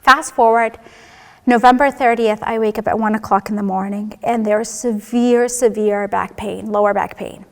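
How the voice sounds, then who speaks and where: Woman sharing a candid church testimony, slightly high voice, long hall reverb. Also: little pitch movement, moderate pace. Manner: candid storytelling, acting out dialogue. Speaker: church member giving a testimony. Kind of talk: personal testimony.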